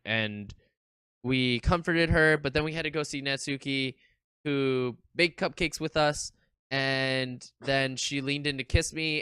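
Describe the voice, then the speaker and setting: A streamer casually commenting and reading game text aloud, animated, swearing and nervously laughing. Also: medium pitch, measured pace, clear, resonant tone, no echo.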